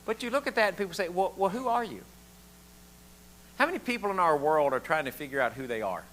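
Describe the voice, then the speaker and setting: A man's voice: on the high side, expressive, rapid-fire, pushed and bright, a little hiss or hum. An older man from the southern United States with a Southern accent, preaching a conversational sermon and asking the congregation questions. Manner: folksy, asks the room questions, repeats words often. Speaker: pastor.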